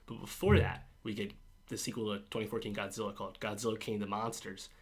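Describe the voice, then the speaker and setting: A man's voice: on the low side, level tone, fast, slightly rough. A man co-hosting a casual podcast, talking enthusiastically about a film with frequent laughs and restarts. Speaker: podcast co-host reviewing a film. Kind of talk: casual chat.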